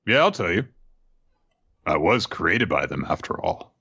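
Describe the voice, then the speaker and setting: A man voicing a bloodthirsty male monster eager for battle, with a slow, menacing way of speaking. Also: sits low, very animated, sharp tone, slightly rough, muffled recording, heavily acted. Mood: scheming.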